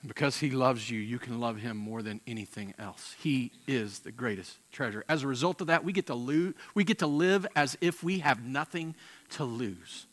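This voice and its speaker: A man preaching a sermon with passion, swinging from loud emphatic peaks to quiet, intense moments and often repeating words as he restarts phrases. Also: medium pitch, normal speed. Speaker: pastor.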